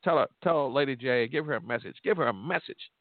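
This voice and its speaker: A man's voice: medium pitch, lively intonation, quick pace, no echo. A middle-aged man, hosting a call-in radio show with boastful, joking trash talk and frequent laughter. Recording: tinny phone-like audio.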